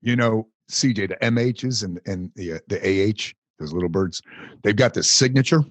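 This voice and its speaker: A man hosting a podcast, a veteran telling a story in a slow, laid-back way. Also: lowish voice, no room sound. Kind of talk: casual podcast chat.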